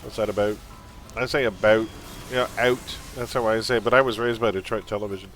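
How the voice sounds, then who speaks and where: A man's voice: fairly low pitch, fairly even intonation, brisk, a bit bright, soft background music. A man from Canada with a mild Canadian accent, chatting casually as he streams a game and reads its text aloud. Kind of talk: casual live-stream commentary.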